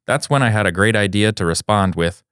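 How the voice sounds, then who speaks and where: A man's voice: on the low side, fairly quick, a bit bright, clean tone, no room sound, studio quality. A man on a comedy podcast, reading a listener's letter aloud in a wry tone and bantering with his co-host.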